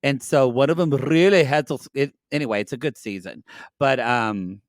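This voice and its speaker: A man's voice: medium pitch, moderate pace, no room sound, clean studio sound. A man co-hosting a podcast, recapping a reality show in campy, joking banter that rambles and cuts itself off. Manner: rambling, self-interrupting. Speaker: podcast co-host. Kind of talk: casual recap chat.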